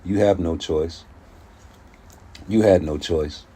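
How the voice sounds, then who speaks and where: A man giving casual boxing commentary in a slangy, profane, animated way. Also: sits low, slow pace, slightly rough.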